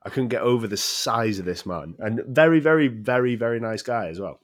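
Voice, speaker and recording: A man's voice: medium pitch, expressive, fairly quick. A young man co-hosting a podcast, recalling a meeting in a casual, chatty way. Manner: chatty, laughs easily. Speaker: podcast co-host. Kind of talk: casual chat.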